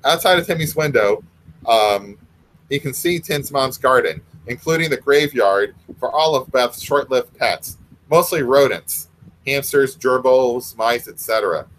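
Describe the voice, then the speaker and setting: A man's voice: medium pitch, expressive, a little slow, a bit bright, poor audio. Man reading his story with wry asides. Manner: wry, self-mocking asides.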